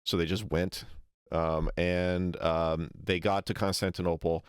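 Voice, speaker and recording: Male stream host, low and dry-sounding, wry and halting, lots of ums. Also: little pitch movement, smooth, no room sound. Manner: hesitant, many ums, wry and skeptical. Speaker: history channel host reacting to a lecture. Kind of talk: casual livestream commentary.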